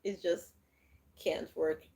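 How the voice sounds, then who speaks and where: A woman's voice: fairly low pitch, steady tone, slow, warm tone. Brief laughing woman livestream host. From Nigeria. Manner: chatty, laughs often, frequent fillers and restarts. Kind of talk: casual live chat answering viewer comments.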